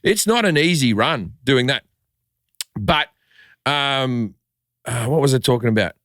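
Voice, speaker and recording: Australian comic, middle-aged man, lively pitch, dry close mic, animated swearing storyteller. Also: measured pace, no echo. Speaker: comedian guest. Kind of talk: casual podcast chat.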